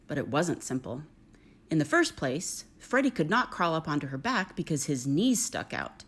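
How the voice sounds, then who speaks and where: A middle-aged woman reading a children's picture book aloud, gentle and expressive. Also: low-pitched, moderate pace, husky. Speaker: storyteller.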